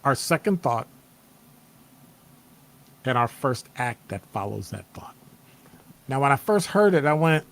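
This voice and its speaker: Through a streaming setup microphone, a male host runs a casual motivational live stream at a measured pace, leaving long pauses. His voice is medium-pitched, and he animatedly plays out quoted reactions with playful exclamations.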